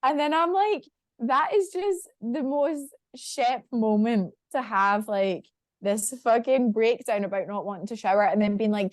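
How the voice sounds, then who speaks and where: A woman's voice: on the high side, unhurried, no room sound, studio quality. A woman co-hosting a casual reality-TV podcast, chatty and laughing, swearing now and then. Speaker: podcast co-host. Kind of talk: casual chat.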